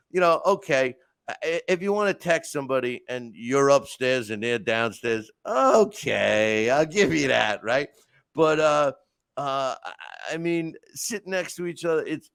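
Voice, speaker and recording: Animated man telling stories. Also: on the high side, no echo. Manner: animated storytelling, frequent restarts and asides. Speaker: podcast host. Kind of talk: casual monologue.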